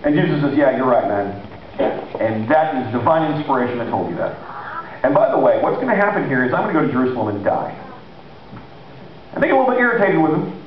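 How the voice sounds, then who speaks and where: A man preaching a sermon in a conversational, animated way, acting out the people he quotes. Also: a little high, fast, a little hiss or hum. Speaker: pastor. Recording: echoey hall, distant mic, lo-fi.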